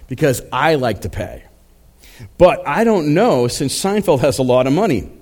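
Male pastor, mid-pitched, casual storytelling sermon delivery full of fillers. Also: big pitch swings, measured pace, pauses often, a little mellow. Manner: conversational storytelling with frequent fillers and laughs.

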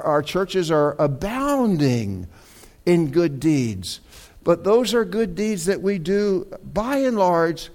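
Man preaching in a halting conversational way. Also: a little high, vocal fry, darkish tone. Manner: conversational, halting, many fillers and repeated words, rising to emphatic peaks. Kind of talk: sermon.

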